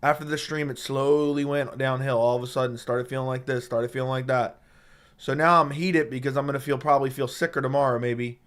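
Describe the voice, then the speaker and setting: A man's voice: medium pitch, steady tone, fairly quick, a bit bright, clear, resonant tone. Man with a sore throat on a live stream. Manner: blunt and profane, trash-talking with chat. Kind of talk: casual live-stream chat reading viewer comments. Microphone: studio dynamic microphone.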